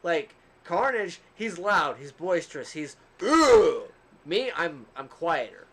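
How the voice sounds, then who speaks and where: A man co-hosting a casual podcast, who calls himself the quieter one, tells a long rambling story with frequent laughs and asides. His voice is a little high, expressive and unhurried.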